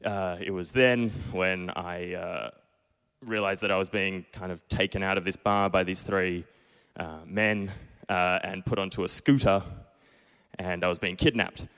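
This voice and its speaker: Smooth-voiced young Australian man storytelling. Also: deep voice, steady tone, unhurried, a bit bright, in a large hall. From Perth, Australia. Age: 20s. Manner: self-deprecating, acts out his own past lines. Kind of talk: live stage storytelling. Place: small pub stage.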